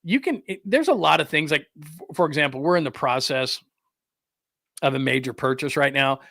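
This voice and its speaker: A middle-aged man hosting a podcast, ranting in a rambling, exasperated way with lively asides. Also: a little high, moderate pace, vocal fry, no room sound, studio quality. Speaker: podcast host. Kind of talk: casual ranting commentary.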